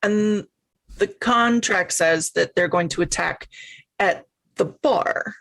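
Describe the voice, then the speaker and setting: Slow-talking hesitant woman player. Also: lowish voice, a bit bright. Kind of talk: tabletop role-play.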